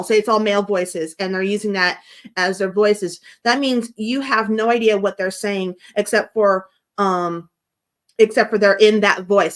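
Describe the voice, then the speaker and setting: A woman in a casual chat, talking in long rambling turns full of restarts and questions. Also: mid-range voice. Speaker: guest from the American team.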